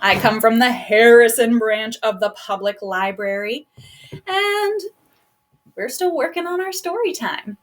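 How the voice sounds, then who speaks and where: A woman librarian with a slightly high voice runs a storytime for children from home. She speaks gently and encouragingly, explaining things in simple words to little listeners. The sound comes from a laptop mic. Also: lively intonation, a little slow. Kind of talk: live online storytime for kids. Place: at home, laptop propped on a box. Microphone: laptop microphone.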